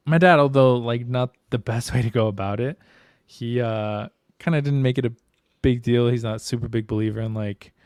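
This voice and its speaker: A man talks openly on a podcast, loose and slangy with plenty of swearing. His voice is smooth and clear at a middling pitch, recorded dry and close. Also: darkish tone, no echo. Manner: candid, swears freely, slangy. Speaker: podcast co-host. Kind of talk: casual podcast chat.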